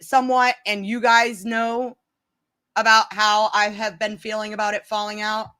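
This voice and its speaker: A woman's voice: mid-range voice, flat delivery, moderate pace, pushed and bright, smooth. A woman chatting casually to her viewers, telling a story in a rambling way, with many restarts.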